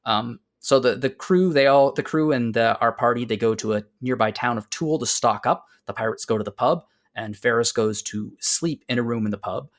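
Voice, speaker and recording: Man recapping a game with animated voices. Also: medium pitch, normal speed, hardly any pauses. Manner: recapping a story with playful quoted voices. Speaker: podcast host. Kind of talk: casual game discussion.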